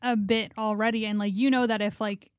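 A woman's voice: a little high, level tone, fairly quick, clear, resonant tone, no room sound, studio quality. A young woman talking casually with her husband, easygoing and supportive, often agreeing with short replies. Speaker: supportive spouse. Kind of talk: casual chat.

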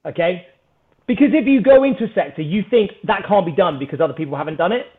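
A British man telling a story on a podcast in an energetic, animated way, swearing freely. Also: sits high, fast, narrow, tinny audio. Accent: British English. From Britain. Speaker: podcast guest, startup founder. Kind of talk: casual storytelling chat.

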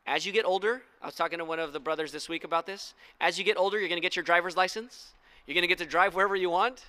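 A pastor delivers a storytelling sermon in church, appealing earnestly and directly to the congregation. His voice is high, pushed and bright, and he speaks in a rapid-fire way.

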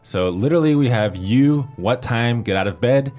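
A man's voice: mid-range voice, lively intonation, normal speed, darkish tone, soft background music. A man hosting a language lesson who patiently explains grammar and spells out pinyin letter by letter.

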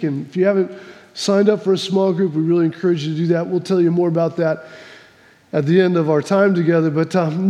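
A man's voice: high voice, warm tone, long reverb tail. A man preaching a sermon, telling a folksy joke before reading scripture, with many restarts and repeats. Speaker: pastor.

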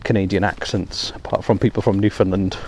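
Male podcaster, low-pitched, chatty and rambling, recorded outdoors on a hands-free headset with faint background noise. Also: level tone, fairly quick, darkish tone. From Wales. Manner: rambling, self-deprecating, many ums. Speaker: podcast host. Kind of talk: casual monologue while walking. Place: outdoors in heavy rain. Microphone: hands-free phone headset.

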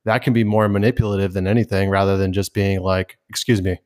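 A man with a somewhat low voice, talking in a relaxed, rambling way. He muses aloud as a podcast host and calls his friend dude. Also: fast talker. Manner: reflective, rambling, says dude a lot. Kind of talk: casual chat.

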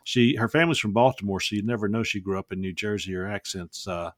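A man's voice: fairly low pitch, fast, no echo, studio quality. A man hosting a casual podcast, joking and rambling, laughing easily. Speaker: podcast host.

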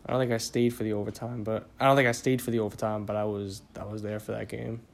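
Tired young man rambling flatly. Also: fairly low pitch, fast talker, vocal fry, a little hiss or hum. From New York area. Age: young adult. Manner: rambling, profane, many fillers. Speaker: podcast host. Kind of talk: casual solo podcast monologue.

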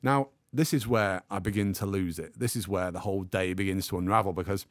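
A man telling a comic anecdote as a podcast guest, acting out the people in his story with lively energy. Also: low voice, brisk, no room sound. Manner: animated storyteller, acts out the other people in the story.

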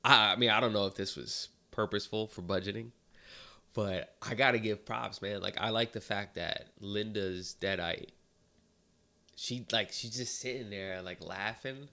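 Gravelly laid-back man, low voice. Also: normal speed, pushed and bright. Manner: laid-back, swears freely, lots of filler words. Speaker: podcast co-host. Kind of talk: casual movie review chat.

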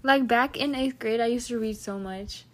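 A woman's voice: fairly high pitch, moderate pace. A teenage girl chatting casually with a friend in a giggly, rambling, slangy way. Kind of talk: casual chat between friends.

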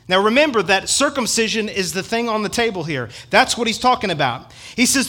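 A man preaching a sermon to his church, emphatic and swinging between loud passages and hushed asides, quoting scripture and joking with the congregation. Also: high-pitched, animated, fairly quick, few pauses. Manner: quotes scripture with rising passion, jokes with the congregation. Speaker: pastor.

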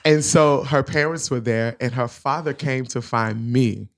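A man's voice: medium pitch, a little slow. A man casually telling a story about how he met his wife. He acts out the quoted lines and laughs often.

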